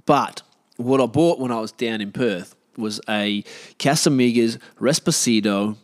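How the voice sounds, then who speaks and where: A man's voice: mid-range voice, measured pace. A man with an Australian accent, talking casually in a rambling, self-deprecating way with many fillers and restarts. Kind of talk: casual monologue.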